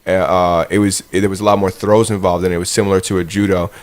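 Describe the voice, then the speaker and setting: A man's voice: sits low, level tone, fast. A man co-hosting a podcast in casual chat, chatty, interjecting and swearing casually. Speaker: podcast co-host.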